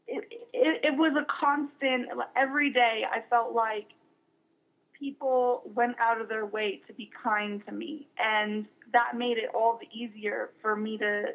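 A young woman being interviewed as a guest, speaking warmly and haltingly with many fillers and restarts. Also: fairly high pitch, vocal fry. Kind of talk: casual interview. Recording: dull lo-fi recording.

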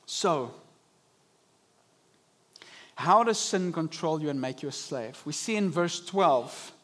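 Young male pastor, high-pitched, animated sermon delivery. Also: slow pace. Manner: animated preaching, acting out inner voices. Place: church service.

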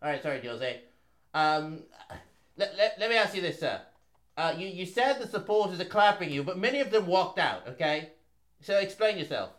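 A man's voice: on the low side, level tone, normal speed, hardly any pauses, bright, forceful tone, roomy sound. A man playing a hesitant, stumbling male British sports reporter in a comic improv bit. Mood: nervous. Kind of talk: comic improv role-play.

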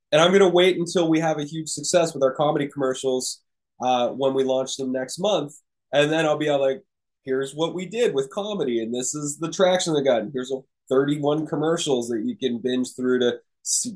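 In a room with a live audience, a podcast host who also works as a business coach gives casual, encouraging advice to entrepreneurs. His mid-range, darkish voice comes through a low-quality recording as he rambles with fillers and restarts.

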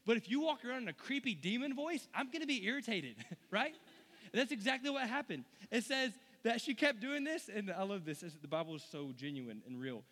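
A man preaching a casual, humorous sermon, animated and conversational, who acts out the story as he reads. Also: sits high, fast, long reverb tail.

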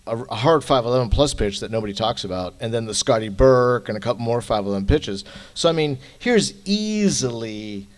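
An older man, a guest at a live interview, telling a story with animation and feeling. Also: mid-range voice. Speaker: guest climber.

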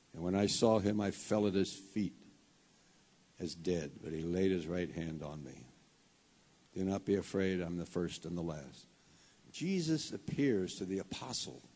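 A man's voice: fairly low pitch, husky. A man preaching a sermon as pastor of a congregation, with a fervent, rising delivery. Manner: starts hushed and slow, builds to loud fervent preaching. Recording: long hall reverb.

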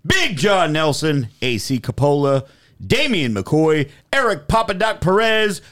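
A man co-hosting a podcast, joking and bantering in crude, animated casual chat. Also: measured pace. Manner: animated, joking, swings pitch widely. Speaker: podcast co-host.

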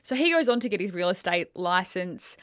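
A woman's voice: fairly low pitch, sing-song, fairly quick, no room sound, studio quality. A woman co-hosting a podcast, telling a true crime story in a chatty, casual way.

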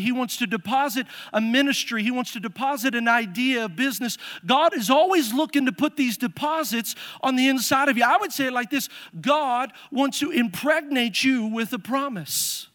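A man preaching a sermon as pastor in a church, animated and building in emphasis. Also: very high voice. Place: church sanctuary. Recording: echoey church hall.

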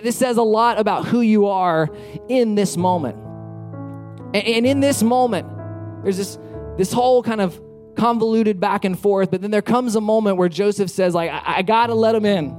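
A man with a notably high voice preaches in a relaxed, conversational way. He circles back on phrases to drive a point home and slips into the voices of the people in his stories. Soft music plays faintly beneath him. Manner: conversational, repeats phrases for emphasis, acts out quotes. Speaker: pastor. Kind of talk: sermon with storytelling.

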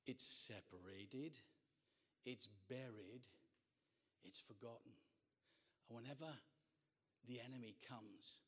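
Animated male preacher telling a story. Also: mid-range voice. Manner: animated, humorous, swings from hushed to loud. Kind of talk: sermon storytelling.

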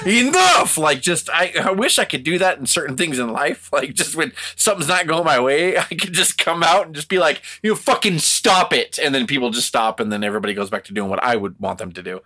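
A man co-hosting a casual podcast chat, animated and swearing often while acting out quotes. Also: on the high side, fast talker, hardly any pauses. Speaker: podcast co-host.

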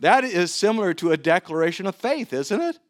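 Man, middle-aged, pastor, sermon, earnest, halting restarts, fairly high voice, dry sound. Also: big pitch swings, no echo.

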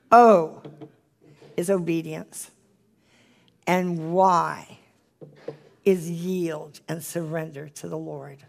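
Gravelly-voiced, earnest Bible study leader. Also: medium pitch. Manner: earnest, pleading, drops to a hushed near-whisper at emotional points. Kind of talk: Bible study teaching and prayer. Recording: live-streamed group Bible study.

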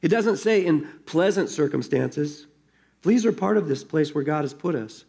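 A man's voice: on the high side, lively intonation, normal speed, gravelly, darkish tone. Man reading as a serene, faithful woman. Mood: calm. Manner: matter-of-fact, serene. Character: calm, faithful young woman prisoner.

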